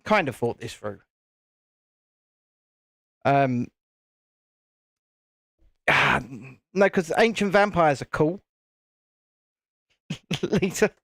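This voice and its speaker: A man's voice: a little high, gravelly, fairly bright tone, dry recording, studio quality. A man hosting a live stream, chatting casually and rambling while he builds a set, with the odd casual swear. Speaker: channel host.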